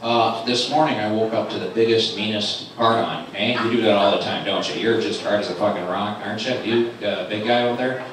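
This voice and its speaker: Man, middle-aged, stand-up comedian, animated storyteller, far from the mic, very echoey club, audience laughing. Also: brisk. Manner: animated storytelling, jumping into high squeaky voices for his son and wife. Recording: live club recording from a distant mic, with an echoey room and crowd noise.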